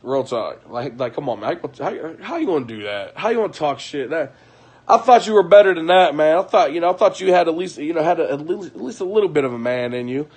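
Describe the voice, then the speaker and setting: A man's voice: a little high, expressive, quick pace, darkish tone, breathy edge. A man ranting casually on a livestream at home at night, profane and heated, repeating himself and breaking into laughter.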